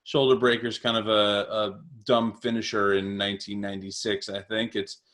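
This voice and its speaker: A man's voice: fairly low pitch, level tone, moderate pace, fairly bright tone. A man in his thirties co-hosting a podcast, chatting casually and animatedly, laughing often and leaning on fillers. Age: 30s. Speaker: podcast co-host. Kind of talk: casual chat.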